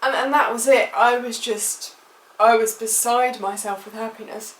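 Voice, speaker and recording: A woman's voice: on the high side, steady tone, moderate pace. A British woman telling a personal travel story for her vlog, emotional and rambling with many fillers. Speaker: vlogger. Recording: echoey room, mic at a distance.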